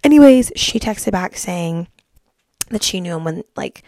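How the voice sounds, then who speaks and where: Gravelly-voiced chatty young woman. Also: lowish voice, lively intonation, unhurried, dark tone, no echo, clean studio sound. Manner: chatty, gossipy storytelling with many "like"s. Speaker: podcast host. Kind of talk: casual chat.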